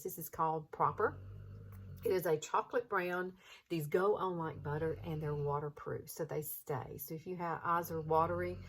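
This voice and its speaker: Chatty Southern woman in her fifties. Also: fairly low pitch. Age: 50s. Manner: chatty and encouraging, folksy. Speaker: makeup tutorial host. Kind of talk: casual makeup tutorial.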